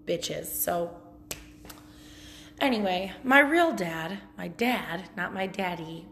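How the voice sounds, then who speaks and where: A woman's voice: on the low side, takes it slowly, fairly bright tone, a little hiss or hum. Blunt, profane woman chatting. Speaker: podcast host. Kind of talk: casual storytelling monologue.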